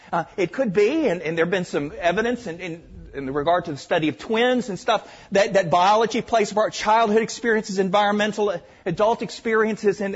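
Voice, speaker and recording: An older man with a Southern accent, from Arkansas, preaching a sermon, stressing points loudly and then dropping to hushed asides. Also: high voice, husky, muffled recording. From Arkansas, USA. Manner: emphatic, swings between loud stresses and hushed asides.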